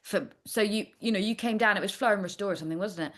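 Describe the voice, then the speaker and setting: A woman's voice: mid-range voice, quick pace, fairly bright tone. A woman guest in a casual interview, a chatty storyteller who talks in a playful, candid way. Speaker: astrologer guest.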